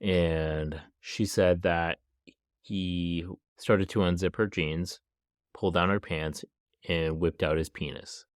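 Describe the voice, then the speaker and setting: A man's voice: low voice, fairly even intonation, takes it slowly, smooth, no echo, clean studio sound. A man hosting a podcast, retelling a true crime story casually with frequent "like" and small laughs. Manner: casual, laughs between lines, lots of "like". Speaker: podcast host.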